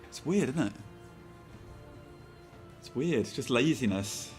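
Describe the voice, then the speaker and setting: A British man streaming and chatting casually, soft-spoken and rambling off on tangents. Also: medium pitch, lively intonation, slow, faint music behind. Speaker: Twitch streamer. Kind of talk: casual chat while streaming.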